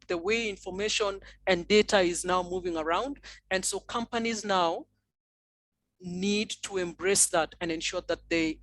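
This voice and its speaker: A woman's voice: medium pitch, a bit bright, no room sound, rough recording. Thoughtful woman panelist, dry sound. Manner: thoughtful, many fillers and restarts. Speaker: conference panelist. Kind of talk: panel discussion answer.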